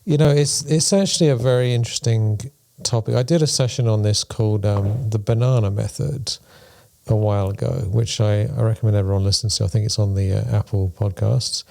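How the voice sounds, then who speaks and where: Low gravelly man musing on spirituality. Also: steady tone, fairly quick, warm tone. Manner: thoughtful, explains with playful examples. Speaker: podcast co-host. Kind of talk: reflective spiritual discussion.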